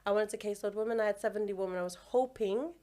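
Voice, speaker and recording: A young woman, a midwife chatting as a podcast guest, telling animated stories with frequent laughter and slang. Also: medium pitch, very fast. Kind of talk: casual podcast chat.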